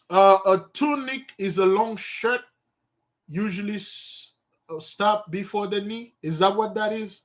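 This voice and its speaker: Slow, high-voiced man thinking aloud. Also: a bit bright. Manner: rambling, thinks aloud, self-correcting. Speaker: study host. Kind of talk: informal study session, reading and explaining a text.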